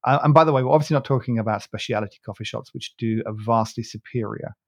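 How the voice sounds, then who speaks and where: A man's voice: mid-range voice, fast talker. A man co-hosting a podcast, chatting casually in a rambling way, often restarting and correcting himself with a chuckle. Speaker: podcast co-host. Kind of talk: casual chat.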